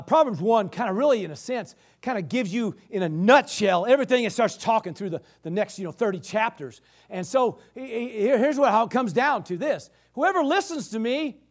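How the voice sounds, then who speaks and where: A man preaching a sermon, emphatic, asking rhetorical questions and calling out amen. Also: very high-pitched. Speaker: pastor.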